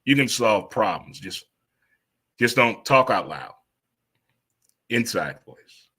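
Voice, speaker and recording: A man in his fifties riffs through a casual sports talk monologue in a bright, forceful voice. He rambles and exclaims, jumping into sudden high-pitched outbursts. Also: sing-song, slow pace, breathy edge. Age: 50s.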